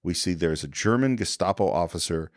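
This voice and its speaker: A man's voice: low-pitched, lively intonation, brisk, no echo, studio quality. A man co-hosting a podcast in casual chat, retelling film scenes and slipping into the characters' lines. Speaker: podcast co-host.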